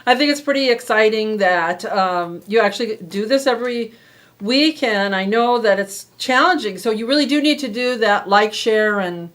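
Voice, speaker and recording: A woman's voice: a little high, normal speed, a bit bright. A woman co-hosting a casual chat, telling stories and teasing her co-host. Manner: storytelling, teasing.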